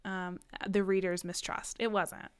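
A woman co-hosting a casual chat, recapping a book series with jokes, swearing and quick acted-out character lines. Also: fairly low pitch, flat delivery, smooth.

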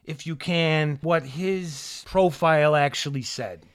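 A man co-hosting a podcast with his wife, introducing segments and poking fun in easy banter. His voice sits a bit high for a man. He sounds relaxed and casual. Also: takes it slowly, smooth. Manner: teasing, easygoing, hosting segments. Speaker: podcast co-host. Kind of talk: casual chat.

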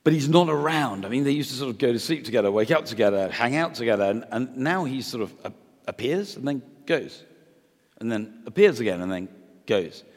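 Chatty preacher in a reverberant hall. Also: male voice, medium pitch, a little fast. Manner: chatty and animated, with playful asides and restarts. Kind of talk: conversational sermon.

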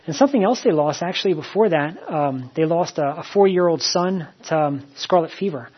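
Husky-voiced man preaching a sermon. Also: on the high side, lively intonation, brisk. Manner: repeats phrases, many "you know" fillers. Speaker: pastor. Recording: slightly dull, muffled recording.

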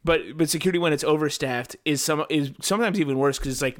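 A man's voice: fairly high pitch, quick pace, few pauses. A man co-hosting a podcast in casual chat, adding dry, wry comments and short reactions. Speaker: podcast co-host.

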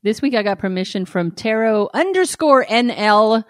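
A woman's voice: a little high, animated, moderate pace, no echo, studio quality. A woman hosting a podcast in casual, candid chat, frank and blunt and often laughing. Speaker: podcast host.

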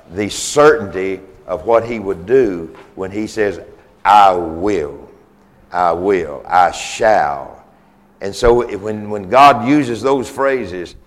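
A man with a Southern US accent delivers a sermon in an earnest, insistent manner. His voice sits on the low side. He often restarts and repeats phrases to drive a point home. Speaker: preacher.

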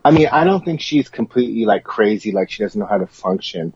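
A man co-hosting a comedic chat in a dry, deadpan and dismissive manner. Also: lowish voice, brisk, husky. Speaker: co-host. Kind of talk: campy comedic banter. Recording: dull, muffled recording.

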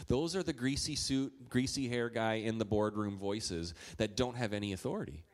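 A man's voice: lowish voice, expressive, fairly quick, hardly any pauses. A man in his thirties from Minnesota, a pastor preaching a sermon in a chatty, storytelling way with playful asides.

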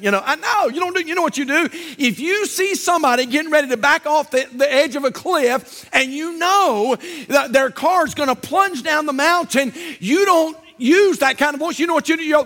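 A male pastor preaching a fiery sermon in a church, swinging between shouted warnings and hushed asides. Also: extremely high pitch, animated, a little fast, few pauses. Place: church auditorium.

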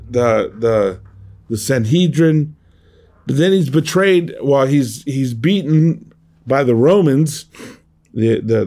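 A man's voice: mid-range voice, a little mellow. A middle-aged man giving an earnest sermon as a pastor, often restarting and repeating words as he goes.

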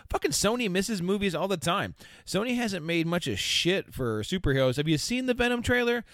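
A man's voice: sits high, sing-song, fairly quick, a bit bright, no echo, clean studio sound. A man hosting a podcast, ranting heatedly with a lot of profanity. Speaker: podcast host. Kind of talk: casual podcast rant.

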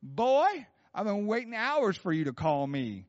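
A man putting on the voice of a blunt, folksy old Southern prophet, with a Southern accent, high and drawling. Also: very animated, a little slow. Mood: folksy, knowing. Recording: dull sound with long hall reverb.

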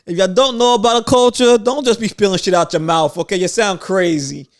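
A man's voice: sits high, brisk. A man co-hosting a casual podcast, telling stories in loose slang with mock outrage. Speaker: podcast co-host.

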